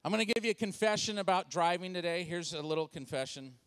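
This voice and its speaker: A man's voice: high-pitched, fast, clean tone. A man in his forties from Washington State, giving a comedic church talk and acting out voices in his stories. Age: 40s. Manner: animated storytelling with acted-out voices. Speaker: speaker and comedian.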